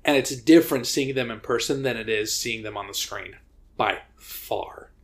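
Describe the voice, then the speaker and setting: A man's voice: medium pitch, moderate pace. A man co-hosting a podcast, telling a story in casual chat, rambling with fillers and restarts. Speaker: podcast co-host.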